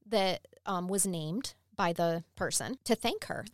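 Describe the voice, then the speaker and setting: A woman co-hosting a podcast, telling a true-crime story in a chatty, animated way and laughing often. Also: fairly low pitch, measured pace, no echo, clean studio sound. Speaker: podcast co-host.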